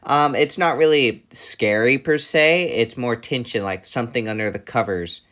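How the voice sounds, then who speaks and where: A man's voice: mid-range voice, normal speed, a bit bright. A man giving casual, earnest review commentary, listing points with hesitant fillers. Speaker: show reviewer.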